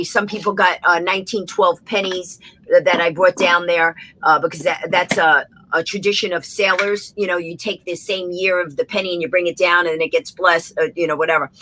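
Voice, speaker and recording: Bright, husky New York woman. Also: medium pitch, low-quality recording. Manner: rapid, acts out every voice in her stories. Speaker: guest. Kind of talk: animated anecdotal storytelling.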